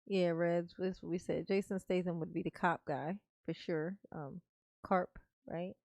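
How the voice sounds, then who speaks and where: A woman's voice: on the low side, fairly even intonation, vocal fry, darkish tone, dry recording, studio quality. A woman hosting a casual live stream, reading chat aloud, playful and laughing as she muses. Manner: playful, laughing, drawn-out musing. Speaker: livestream host reading chat.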